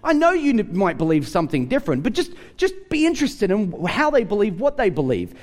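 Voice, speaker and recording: A high-pitched Australian man preaching in a relaxed, conversational way. He tells stories and acts out the dialogue in different voices, his pitch climbing and falling as he goes. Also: quick pace. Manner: conversational, animated storytelling with acted-out dialogue. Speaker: pastor. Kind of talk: sermon with storytelling.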